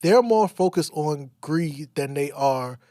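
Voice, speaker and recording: A man's voice: a little high, expressive, slow, dark tone, dry recording, clean studio sound. A young man co-hosting a podcast in casual chat, blunt and exasperated, swearing freely. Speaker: podcast co-host.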